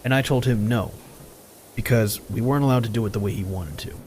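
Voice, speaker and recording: A man streaming and casually telling stories while he plays, blunt and animated, often laughing. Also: fairly low pitch, quick pace, a little hiss or hum. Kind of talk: casual storytelling while gaming.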